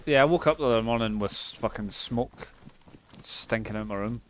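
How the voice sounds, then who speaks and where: A man's voice: fairly low pitch, moderate pace, slight background noise. A Scottish man live streaming a game, chatting casually and swearing freely as he thanks viewers. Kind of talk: casual gameplay chat.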